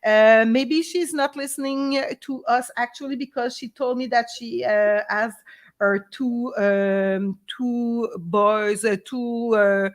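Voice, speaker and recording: A woman's voice: on the high side, steady tone, takes it slowly. A woman veterinarian with a Québécois accent, hosting a casual live stream and switching between French and English, chatty and hesitant with many fillers. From Quebec.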